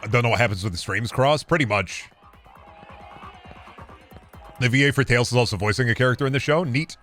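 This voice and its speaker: A man's voice: mid-range voice, very fast, a bit bright, faint music behind. A male streamer in casual live-stream chat, ranting sarcastically and swearing.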